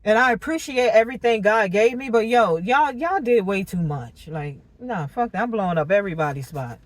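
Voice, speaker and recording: A woman doing a casual tarot reading monologue, animated and slangy, laughing and cursing as she talks. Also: medium pitch, a little fast, dry recording. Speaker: tarot reader.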